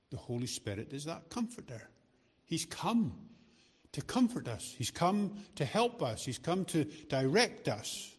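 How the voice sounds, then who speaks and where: A man's voice: fairly high pitch, sing-song, a little slow, breathy edge. A middle-aged man preaching a sermon in a chatty, joking way, often repeating words as he restarts his sentences. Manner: chatty, joking asides to the congregation. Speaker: lay preacher.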